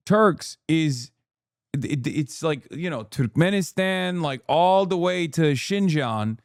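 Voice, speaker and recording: A male streamer reacting to a video in casual, blunt commentary, tossing out jokes and curses. His voice sits a little high, and the sound is dry and close. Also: no room sound. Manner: blunt, joking asides with swearing.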